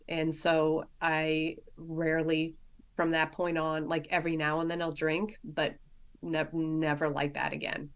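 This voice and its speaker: A middle-aged woman, a nurse practitioner, sharing personal stories as a podcast guest in a halting way, full of restarts and fillers. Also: deep voice, flat delivery. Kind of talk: candid personal storytelling in a podcast interview.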